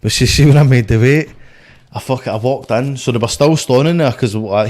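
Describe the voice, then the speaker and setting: A man's voice: mid-range voice, a little fast, darkish tone. A young Scottish man, a boxer, telling stories in a blunt, sweary, rambling way on a casual podcast. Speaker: guest, boxer.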